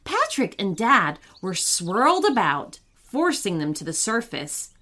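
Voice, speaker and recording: A woman reads a children's bedtime story aloud in an expressive storybook manner. Her voice is mid-pitched and her melody rises and falls a great deal. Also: unhurried. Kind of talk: scripted bedtime story narration.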